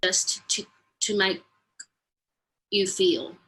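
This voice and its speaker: A woman speaking in a casual interview, halting and giggly, full of fillers. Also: mid-range voice, sharp tone, poor audio.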